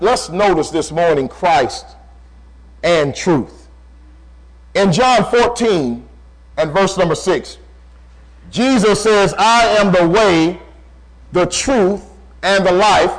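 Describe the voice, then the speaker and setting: High-voiced emphatic male preacher. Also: animated, takes it slowly, long pauses, rough recording. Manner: emphatic, repeating key phrases. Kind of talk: sermon.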